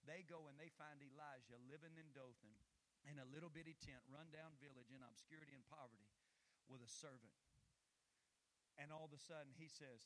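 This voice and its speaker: A man preaching a sermon as pastor, swinging from low, quiet stretches up to loud, heated peaks. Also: brisk, slight background noise.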